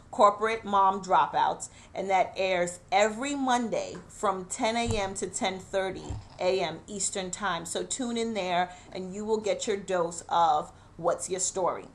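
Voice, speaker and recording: A woman's voice: mid-range voice, fairly bright tone. A middle-aged woman host giving an earnest, encouraging personal talk, emotional and holding back tears. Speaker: show host.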